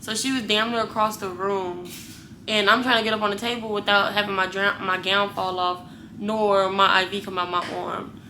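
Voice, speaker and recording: A woman's voice: medium pitch, normal speed, a little hiss or hum. A young woman vlogger casually telling her viewers a story, blunt and full of swearing. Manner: profane, blunt, animated retelling.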